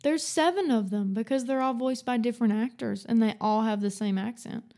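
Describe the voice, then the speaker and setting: A woman's voice: fairly high pitch, dark tone. A woman, co-hosting a casual, rambling book podcast and laughing often. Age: 20s. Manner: chatty, rambling, quick to laugh. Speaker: podcast co-host. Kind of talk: casual book-club chat.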